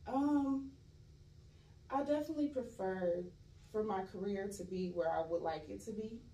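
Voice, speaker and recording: Young actress guest, mellow and candid, roomy off-mic sound. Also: female voice, medium pitch, normal speed. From California. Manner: laid-back, candid, laughs often. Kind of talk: casual interview chat. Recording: roomy echo, voice a bit far from mic, faint noise.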